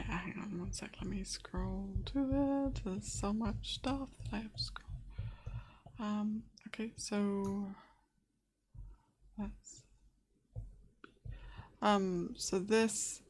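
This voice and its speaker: Slow, gravelly woman game master. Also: mid-range voice. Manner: hesitant, many fillers and restarts. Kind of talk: narrating a tabletop game.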